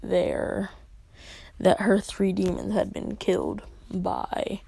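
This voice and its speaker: A woman's voice: medium pitch, sing-song, slow pace, creaky, dark tone, husky, no echo. A woman casually making up a fan-fiction story as she goes, rambling with lots of fillers and often dropping into a whisper.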